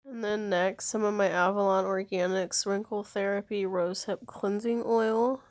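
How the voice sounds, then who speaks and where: A woman's voice: mid-range voice, steady tone, darkish tone, no echo. A woman in her twenties with a sore throat and runny nose, casually walking through her skincare routine and swearing now and then. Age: 20s. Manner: unhurried, listing products one by one, casual swearing. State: sick with a sore, congested voice. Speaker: beauty vlogger.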